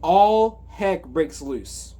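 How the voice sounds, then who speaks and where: A man's voice: high-pitched, animated, drawn-out words, dark tone. A man giving a casual movie recap, rambling with lots of fillers and self-corrections. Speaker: movie reviewer.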